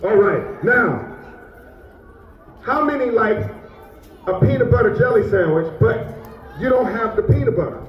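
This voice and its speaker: A man presenting at a school assembly, playfully coaxing children to repeat lines after him in lively call-and-response. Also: high-pitched, unhurried, long pauses, reverberant, distant mic, muffled recording.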